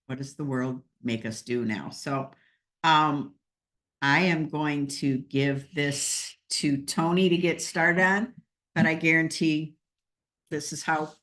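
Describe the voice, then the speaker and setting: A woman's voice: deep voice, slow, fairly bright tone. A woman hosting a casual team talk, chatty and joking, with frequent fillers. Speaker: host. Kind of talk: casual team meeting chat.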